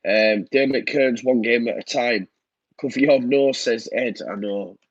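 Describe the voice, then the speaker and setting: A man's voice: mid-range voice, a little slow, husky, dry recording, muffled recording. Stuffy-nosed man rambling. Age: 30s. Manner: rambling, frequent ums and repeats. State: blocked nose, downbeat. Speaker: host of a live fan stream. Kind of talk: casual live-stream chat reading comments. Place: home room.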